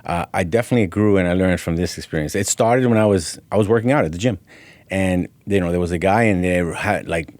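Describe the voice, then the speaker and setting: Low-voiced man telling a story. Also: quick pace, no room sound. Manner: animated storyteller, acting out quoted voices. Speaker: guest, gym owner. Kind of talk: storytelling in an interview.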